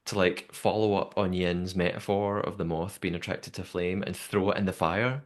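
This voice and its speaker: A young man with a somewhat low-pitched voice hosts a podcast in a casual, talkative way. He recounts events in a lively storytelling manner, full of fillers and restarts. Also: moderate pace. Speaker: podcast host. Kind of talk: casual recap chat.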